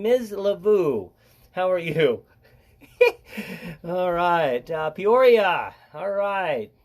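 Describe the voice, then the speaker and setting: High-voiced older man, chatty and joking. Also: darkish tone. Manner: chatty, joking, greets viewers by name. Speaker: nature educator hosting a live stream. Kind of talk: casual live-stream chat.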